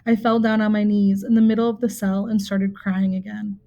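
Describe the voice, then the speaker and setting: A woman reads a book aloud in a measured, even storytelling manner. Her voice is mellow and warm, sitting in a middle pitch range. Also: vocal fry, muffled recording. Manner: steady, measured storytelling with occasional slips. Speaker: reader.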